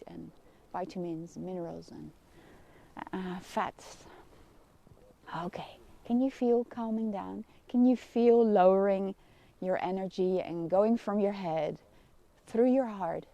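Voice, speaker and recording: A middle-aged woman with a Dutch accent, a kinesiologist giving a gentle, soothing live lesson and laughing softly now and then. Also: medium pitch, measured pace, vocal fry. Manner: gentle, soothing guidance with frequent soft laughs. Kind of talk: live-streamed wellness lesson.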